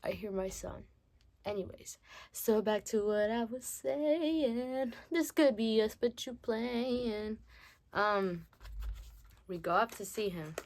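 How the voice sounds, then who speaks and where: A woman's voice: a little high, a little mellow. A teenage girl casually telling a story on her vlog in a chatty, slangy way. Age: teens. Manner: chatty, slangy, drawn-out delivery. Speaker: vlogger.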